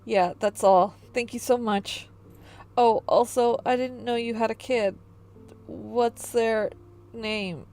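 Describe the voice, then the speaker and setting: A woman's voice: on the high side, steady tone, takes it slowly, warm tone. A woman reading a nervous, stammering young caretaker. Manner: hesitant, stammering and rambling.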